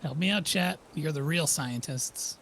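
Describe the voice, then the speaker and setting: A man's voice: a little high, measured pace, a bit bright, slight background noise. A man co-playing a survival game on a stream, joking in a dry, self-deprecating way. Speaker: guest co-player. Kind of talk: casual gaming chat.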